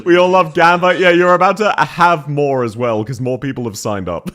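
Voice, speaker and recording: A man's voice: a little high, fairly even intonation, normal speed, fairly bright tone. A male streamer chatting casually with his viewers, laughing often and thanking them, slightly congested and coughing. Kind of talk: casual live stream chat.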